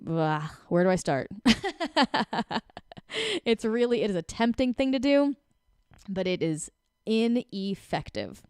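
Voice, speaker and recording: A woman in her forties giving casual relationship advice as a coach, talking in an animated way and breaking into quick acted-out voices. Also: medium pitch, clean tone, no echo, studio quality.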